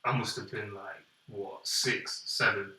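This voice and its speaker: Young male podcast co-host, bright tone, lively storyteller doing the voices, roomy echo, distant mic. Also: lowish voice, measured pace. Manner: animated storyteller, acts out quoted voices. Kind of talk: casual storytelling chat. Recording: echoey room, off-mic.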